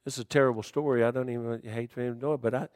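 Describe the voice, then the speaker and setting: A man preaching a sermon in folksy dialect, swinging between shouted warnings and hushed, quiet storytelling. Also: mid-range voice, fairly even intonation, very fast, clear, resonant tone, dry recording, studio quality.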